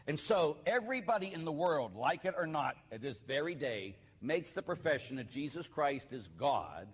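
A male preacher delivering a sermon in an animated, husky voice, pressing each point with insistent repetition. His voice rings through an echoey hall. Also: medium pitch. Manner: emphatic, repeats points for stress.

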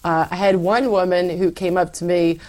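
A woman guest telling her faith story in an interview, animated and acting out her past self. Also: on the low side, moderate pace. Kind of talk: personal faith testimony.

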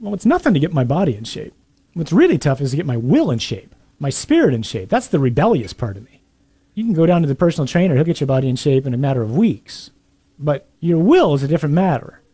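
A male priest delivers a conversational sermon, punching key points with emphasis and slipping in dry humor. His voice sits a bit high for a man, yet sounds mellow and soft-edged rather than bright. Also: big pitch swings, quick pace, husky. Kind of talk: sermon to young adults.

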